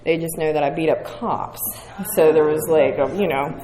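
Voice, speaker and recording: A woman's voice: low-pitched, fairly even intonation, moderate pace, dark tone, slight background noise. A woman, telling her recovery story to a meeting in a frank, profane, self-mocking way. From West Virginia. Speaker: speaker sharing at a recovery meeting. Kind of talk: candid recovery share. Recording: roomy hall with faint audience.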